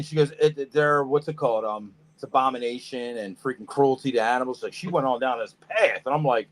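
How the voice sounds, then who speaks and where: A man co-hosting a casual podcast, telling animated stories about reptile shows, swearing freely and acting out what people said. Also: medium pitch, fast talker. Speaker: podcast co-host, snake breeder. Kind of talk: casual storytelling chat.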